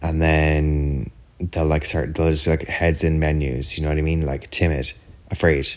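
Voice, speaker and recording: A man's voice: extremely low pitch, little pitch movement, normal speed. An Irish man hosting a podcast, telling a story in a chatty, rambling way, full of "like" and "do you know what I mean". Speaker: podcast host. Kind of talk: casual solo chat.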